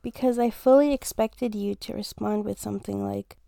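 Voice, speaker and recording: A woman's voice: medium pitch, fairly even intonation, normal speed, creaky, few pauses, dark tone, no room sound. A young woman in a casual romantic role-play, teasing and playful, laughing often and swearing easily as she talks to her partner. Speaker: fiancée in a listener role-play.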